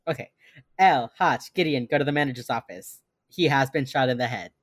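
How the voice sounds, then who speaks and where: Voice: mid-range voice, a little fast, no echo. Podcast host recapping an episode. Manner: recaps the plot from notes, with fillers. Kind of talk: casual chat.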